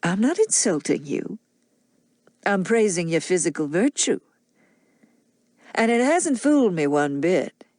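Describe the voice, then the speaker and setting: A drunken husband with a slow, sneering drawl, as a woman reader puts him on. His voice sits low and unhurried, full of mockery. The audiobook recording is dry and close. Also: very animated, a little mellow, no echo. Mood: mocking. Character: drunken mocking Southern gentleman, menacing husband.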